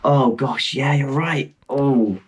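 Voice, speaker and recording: A young man in his twenties, telling a travel story on a video call as a podcast guest, animated and rambling, mocking himself and restarting his sentences. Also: medium pitch, takes it slowly, slightly rough. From Britain. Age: 20s. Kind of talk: casual storytelling chat.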